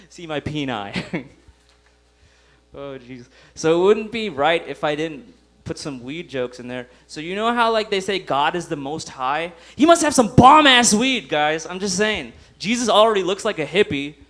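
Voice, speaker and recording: High-voiced young man doing stand-up. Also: expressive, unhurried, fairly bright tone. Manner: laughs at his own jokes, acts out voices. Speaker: stand-up comedian. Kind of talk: stand-up comedy set. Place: comedy club stage.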